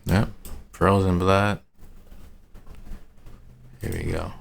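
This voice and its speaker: A man's voice: sits low, flat delivery, drawn-out words, gravelly. A man in a casual, rambling screen-share market review who talks to himself, uses city slang and laughs at his own asides. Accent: American urban slang. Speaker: trading analyst.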